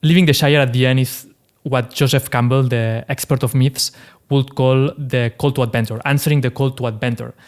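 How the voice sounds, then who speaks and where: A man's voice: mid-range voice, steady tone, fairly quick. A man hosting a casual commentary, chatty and conversational, often adding "right?" and "like" and laughing lightly. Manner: chatty, fillers like "right?" and "like", laughs now and then. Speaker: host.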